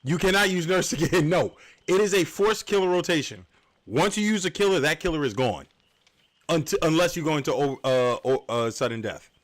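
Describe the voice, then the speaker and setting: Lively man hosting a game tournament stream. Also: on the high side, moderate pace. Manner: lively, explains rules with joking asides. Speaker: tournament host and caster. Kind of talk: livestream game commentary.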